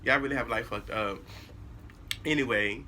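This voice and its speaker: Young man, very bright and sharp voice, blunt, swears a lot, casual storytime, talks straight to viewers. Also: mid-range voice, normal speed, a little hiss or hum. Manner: animated, blunt, heavy cursing, addresses viewers directly. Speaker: vlogger.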